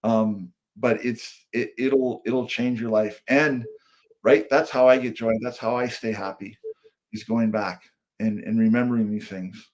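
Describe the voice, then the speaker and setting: A man's voice: medium pitch, fairly even intonation, a little slow, darkish tone. A middle-aged man, a comedian and speaker, telling an earnest personal story as a guest on a podcast.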